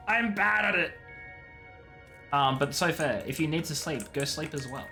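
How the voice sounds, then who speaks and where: Animated, laughing male streamer. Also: on the high side, takes it slowly, soft background music. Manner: chatty, playful, laughs often, talks to chat. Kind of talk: casual live-stream chat.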